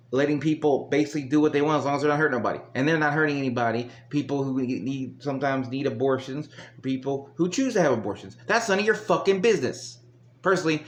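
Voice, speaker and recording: A man hosting a reaction video, ranting angrily with heavy swearing and bursts of laughter. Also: fairly high pitch. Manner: angry, swearing, laughs between rants. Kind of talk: profane ranting commentary. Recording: echoey room.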